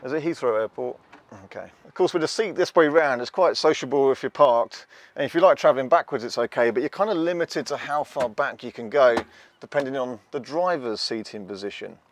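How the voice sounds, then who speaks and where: A man's voice: medium pitch, brisk. A man chatting casually in a wry, self-mocking way while showing off the inside of a passenger van. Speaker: van reviewer. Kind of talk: casual hands-on vlog demo.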